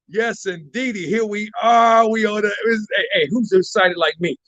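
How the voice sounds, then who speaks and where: A man hosting a live stream, excitable, shouting out viewers and repeating his phrases. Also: sits high, moderate pace, hardly any pauses, no echo, muffled recording. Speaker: livestream host. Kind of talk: hyped live stream chat.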